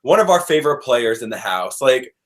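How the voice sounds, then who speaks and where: A man's voice: medium pitch, sing-song, fairly quick. A male co-host ranting in casual chat and swearing heavily.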